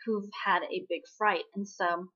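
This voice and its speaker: A woman's voice: steady tone, unhurried, bright, forceful tone, breathy edge, dull audio. Chatty woman recapping a drama. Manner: chatty, many fillers, acts out quoted lines in a higher voice. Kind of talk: casual spoken recap.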